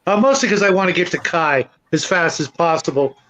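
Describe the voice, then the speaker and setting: A man moderating a podcast panel in a relaxed way, passing questions to the others. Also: a little high, brisk. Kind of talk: casual podcast discussion. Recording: dull lo-fi recording.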